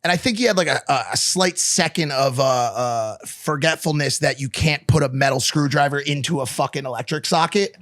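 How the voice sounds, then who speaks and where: A man's voice: fairly high pitch, a little fast, hardly any pauses, a bit bright, no room sound, clean studio sound. A man in his thirties, a podcast host, talking crudely and joking in casual chat. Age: 30s. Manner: crude, joking, lots of swearing.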